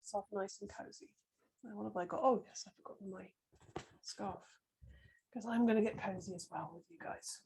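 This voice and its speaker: Soft-spoken woman teaching gentle yoga. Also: medium pitch, vocal fry, a little hiss or hum, poor audio. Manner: gentle, slow, soothing cues with many pauses. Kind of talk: guided yoga class instruction.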